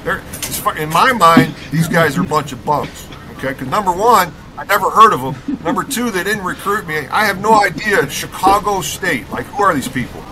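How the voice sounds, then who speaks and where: A middle-aged man from Rockford, Illinois, a podcast guest telling an animated story about his college basketball days, emphatic and fond of tagging his lines with "okay?". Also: high-pitched, moderate pace, hardly any pauses, a little hiss or hum, rough recording.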